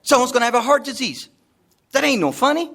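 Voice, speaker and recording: A man's voice: extremely high pitch, expressive, fast, creaky, sharp tone, slightly rough. A man giving a rambling, jokey talk to a live seminar audience, repeating himself often. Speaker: seminar speaker. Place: seminar room.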